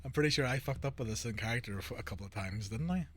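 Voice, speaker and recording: A man's voice: mid-range voice, rapid-fire, a bit bright, breathy edge, dry recording, studio quality. A man hosting a podcast in casual chat, swearing loosely and ending remarks with "right?". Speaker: podcast host.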